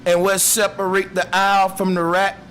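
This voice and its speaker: A man muses slowly through a philosophical monologue in streetwise slang. His voice sits a bit high for a man. A faint hiss hangs behind him. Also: completely flat delivery, a bit bright. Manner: slow, musing, streetwise slang. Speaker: speaker.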